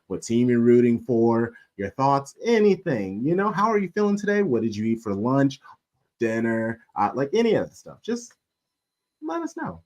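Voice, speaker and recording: A man's voice: mid-range voice, muffled recording. A man hosting a casual live-stream sports chat, playful and joking, laughing often. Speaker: podcast host.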